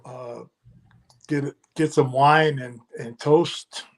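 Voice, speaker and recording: An older man chatting casually, teasing dryly with halting restarts. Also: mid-range voice, fairly even intonation. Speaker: guest. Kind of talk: casual chat.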